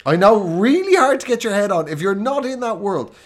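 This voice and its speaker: An Irish man co-hosting a comedy podcast, telling stories in a lively way and laughing through his lines. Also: high-pitched, a little fast. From Ireland. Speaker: podcast co-host. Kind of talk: comedic storytelling chat.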